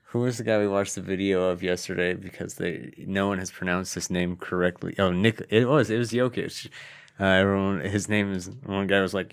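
A man's voice: low-pitched, fairly even intonation, moderate pace, gravelly. A man co-hosting a casual sports podcast, swearing and laughing at his own stories. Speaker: podcast co-host.

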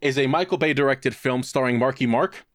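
A man's voice: medium pitch, brisk, no echo, studio quality. A man co-hosting a casual podcast, swearing often as he rants through a movie recap. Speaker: podcast co-host.

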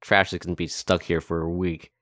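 A man voicing a gruff, swearing old male dwarf worker in a tabletop game. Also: deep voice, little pitch movement, a little fast, fairly bright tone, no echo, studio quality. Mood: grumbling. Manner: swearing, grumbling.

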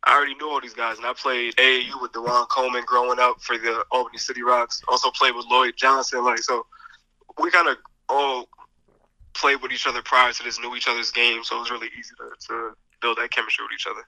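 Laid-back basketball player, very bright voice. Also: male voice, mid-range voice, quick pace, dry recording, poor audio. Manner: relaxed, many fillers, laughs. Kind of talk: casual interview answers.

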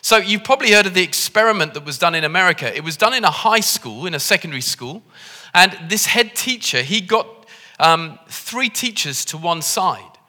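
A man's voice: sits high, animated, normal speed, bright, forceful tone. A man with a Liverpool accent, preaching a jokey, conversational sermon into a handheld microphone in a church. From Liverpool, England. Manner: jokey, self-deprecating, conversational. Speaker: visiting preacher. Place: church hall. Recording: reverberant church hall.

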